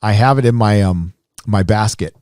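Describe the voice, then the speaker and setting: A man hosting a live stream, rambling casually with lots of fillers and restarts, his voice rising when animated. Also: fairly low pitch, normal speed, dry recording, studio quality. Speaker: live show host.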